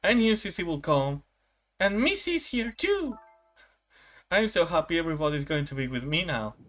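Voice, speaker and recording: A man's voice: fairly high pitch, very animated, normal speed, fairly bright tone, faint music behind, pitched above the performer's own voice. A man putting on a sweet, clingy little girl.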